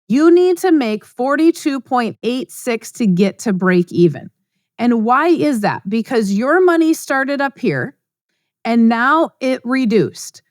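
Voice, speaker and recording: In a clean, echo-free studio recording, a middle-aged woman with a high voice hosts a podcast. She talks through a casual monologue that's blunt, emphatic and conversational.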